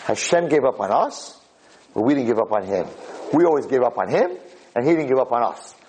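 A man, a rabbi lecturer, giving a sermon through an animated, dramatic story told with quick restarts. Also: medium pitch, low-quality recording.

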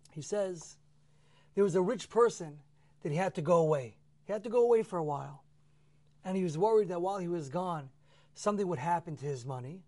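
A man with a slightly high voice gives a storytelling Torah talk. He is animated and acts out the pleas of the people in his story. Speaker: Torah teacher.

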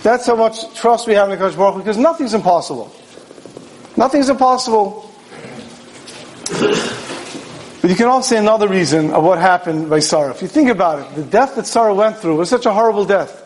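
High-voiced man giving a storytelling sermon. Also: lively intonation, quick pace, slight background noise, rough recording. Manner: storytelling with rhetorical questions and acted-out dialogue. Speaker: rabbi teaching Torah. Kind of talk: Torah sermon.

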